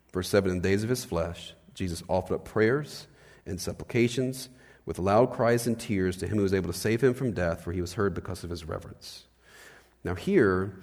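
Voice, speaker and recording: A man preaching a sermon as pastor, animated, swinging between loud bursts and hushed lines and asking his listeners questions. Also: on the low side. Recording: long hall reverb.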